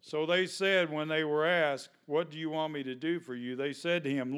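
A man's voice: a little high, fairly even intonation, normal speed, a bit bright, clean tone. A male pastor, preaching a sermon in a conversational way, full of questions to the congregation.

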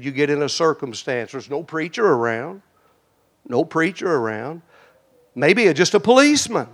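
A man preaching a sermon in a folksy way, talking straight to his congregation and swinging between loud, emphatic lines and hushed, prayerful ones. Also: on the high side. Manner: folksy, addresses the congregation directly.

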